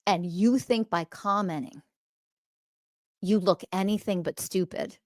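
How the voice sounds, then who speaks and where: A woman hosting a podcast, delivering a confrontational, profane ranting monologue that swings from loud emphasis to quiet muttering. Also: medium pitch, a little slow, pauses often, no room sound, clean studio sound. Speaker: podcast host.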